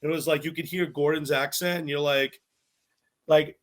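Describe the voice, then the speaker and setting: A young man, a guest on a podcast, telling stories in casual chat, animated and often acting out what others said. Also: fairly high pitch, normal speed. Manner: animated, acts out quotes of others, laughs often. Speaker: podcast guest, cooking show contestant.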